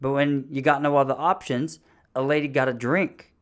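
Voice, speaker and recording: A man voicing a hard-drinking redneck woman who answers in a flat, blunt drawl. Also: medium pitch, moderate pace, natural voice. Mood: blunt, boozy.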